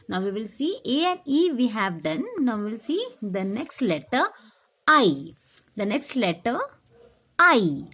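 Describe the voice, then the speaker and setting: A woman leads a phonics lesson for young children. She speaks slowly and sounds out each letter and word with care. Her fairly high voice rises and falls in a lively sing-song. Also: slightly rough. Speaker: teacher.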